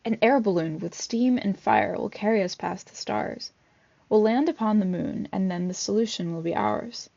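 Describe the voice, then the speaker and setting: A woman's voice: medium pitch, normal speed, gravelly, warm tone. A woman voicing an adventurous male inventor hero in a put-on British accent, eagerly exclaiming his plans from a storybook. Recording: dull lo-fi recording.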